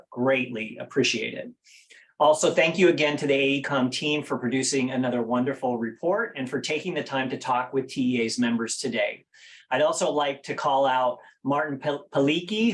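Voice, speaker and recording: Brief: male webinar host, earnest, slightly halting, video call. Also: medium pitch, rough recording. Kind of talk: webinar hosting and thank-yous.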